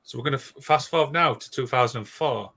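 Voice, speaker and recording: A man, co-hosting a casual podcast and recounting a strange disappearance, rushing through with frequent restarts. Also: mid-range voice, over a noisy crowd. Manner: excitable, rushed, with many restarts and "obviously". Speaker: podcast co-host. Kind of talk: casual storytelling chat.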